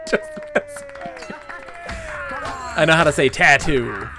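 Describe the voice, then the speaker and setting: Playful man streamer, lively pitch. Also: slow, creaky, long pauses, crowd noise, background noise. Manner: playful, rambling, jokey, laughs often. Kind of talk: live gameplay commentary. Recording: game music underneath. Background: game music.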